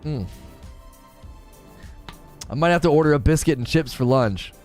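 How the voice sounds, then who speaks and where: Man streamer, casual jokey chat, lively pitch, faint music behind. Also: unhurried. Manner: jokey, laughs often, does mock British voices.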